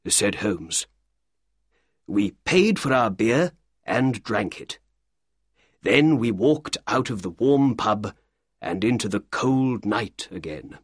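A husky male narrator reading an audiobook at a slow, careful pace, with a very animated melody. His voice sits close to the mic in a dry, dead-sounding recording. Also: fairly low pitch, no room sound. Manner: measured, deliberate reading.

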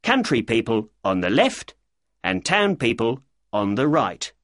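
A man's voice: mid-range voice, big pitch swings, unhurried, fairly bright tone, dry recording, clean studio sound. A man voicing an irritable middle-aged male poultry seller who talks defensively in an audiobook reading. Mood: grumbling.

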